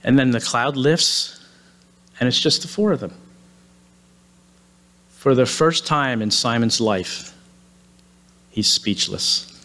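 A male preacher retelling a Bible story in a sermon, in a lively manner with casual asides. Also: medium pitch, slow pace, pauses often.

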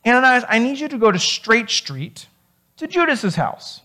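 A preacher voicing God, who gives a specific errand in a calm, encouraging, emphatic way. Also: mid-range voice, normal speed. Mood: urging. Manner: emphatic, animated storytelling.

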